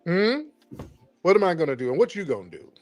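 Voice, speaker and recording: A man's voice: on the high side, big pitch swings, fast talker, a little mellow, faint music behind. A man hosting a call-in stream, taunting and mocking a caller in a heated argument.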